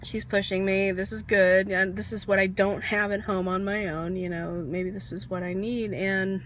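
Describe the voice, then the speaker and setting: A vlogger tells a candid, rambling personal story, laughing softly at herself now and then and coughing occasionally as she gets over a cold. Her medium-pitched voice is flat and at normal speed, with a little hiss or hum in the recording.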